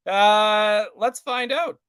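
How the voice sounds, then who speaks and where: A man's voice: high-pitched, very slow, a bit bright, smooth, dry recording. A man co-hosting a casual live stream, rambling and apologetic as he fumbles with the tech. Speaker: podcast co-host.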